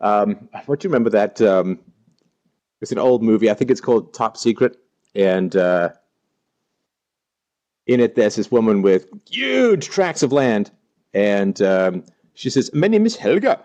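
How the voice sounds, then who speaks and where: A man's voice: lowish voice, lively intonation, unhurried, pauses often, darkish tone, dull audio. A man hosting a casual live stream, playfully greeting viewers by name and joking as he reads the chat. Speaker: livestream host.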